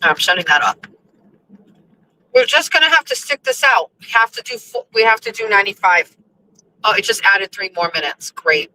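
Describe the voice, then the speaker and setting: A woman's voice: fairly high pitch, a little fast, bright, forceful tone, a little hiss or hum, low-quality recording. A young woman host chatting casually to her listeners while driving, rambling and cursing in exasperation. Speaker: show host.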